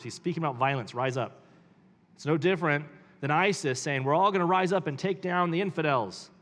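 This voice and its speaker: A man's voice: fairly high pitch, in a large hall. A man reading a book aloud and commenting on it, with emphatic rising questions between quotes. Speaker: pastor.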